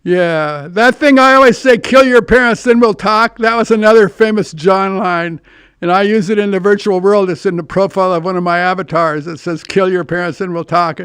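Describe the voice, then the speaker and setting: A man's voice: high voice, normal speed, a bit bright, clean tone, no room sound, studio quality. An older man hosting a podcast, telling rambling anecdotes in a casual monologue with frequent restarts and profanity. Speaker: podcast host.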